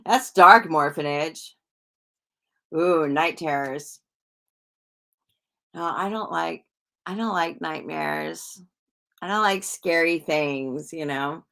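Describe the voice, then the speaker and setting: Slow-talking chatty woman livestreamer. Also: sits low, vocal fry. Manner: chatty and rambling, with frequent restarts and soft laughs. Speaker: psychic livestream host. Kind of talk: casual livestream chat reading viewer comments.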